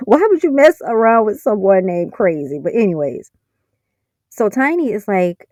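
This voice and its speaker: A woman's voice: medium pitch, lively intonation, normal speed, a little mellow, no echo, clean studio sound. A woman recapping a TV episode in a chatty, sarcastic way, full of fillers. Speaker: TV episode reviewer. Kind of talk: casual spoken recap.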